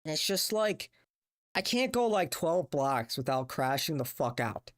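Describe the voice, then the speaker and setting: Young streamer cussing nonstop, fed up and rambling, middling pitch. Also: sing-song, a little slow. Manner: profane, exasperated, rambling. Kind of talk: casual livestream rant.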